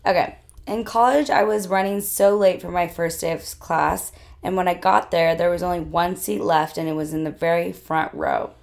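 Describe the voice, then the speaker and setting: Hoarse young woman with a gravelly low voice. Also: fairly even intonation, moderate pace. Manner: chatty, lots of fillers, laughs often. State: hoarse, voice worn out. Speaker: podcast co-host. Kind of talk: casual chat.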